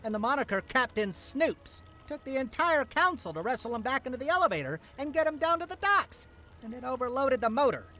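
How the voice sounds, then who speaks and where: An actor playing a prim, dry-witted club doorman with a deadpan, needling delivery. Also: very high-pitched, heavily acted.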